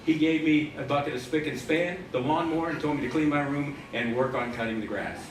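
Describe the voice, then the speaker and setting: A man's voice: on the high side, brisk. A man performing as a stage magician, telling a story full of wry puns to a live audience. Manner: punning, wry storyteller who plays to the audience. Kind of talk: comic storytelling patter during a magic act. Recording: echoey live theater, distant mic, audience noise.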